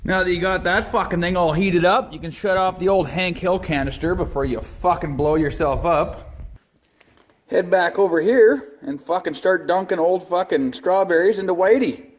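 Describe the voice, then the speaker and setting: Dude in his shop cussing nonstop thru a fake cooking tutorial, voice sits a bit high. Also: moderate pace. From Canada. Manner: crude, swears constantly, mock-serious how-to delivery. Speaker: comedy vlog host. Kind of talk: profane deadpan comedy monologue. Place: shop or garage.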